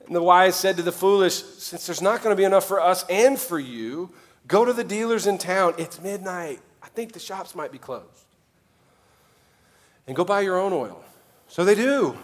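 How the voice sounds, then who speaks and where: Man, pastor, sermon, high voice, animated delivery, joking asides. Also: moderate pace. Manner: animated, preaching with sudden drops to quiet; jokey asides in put-on voices.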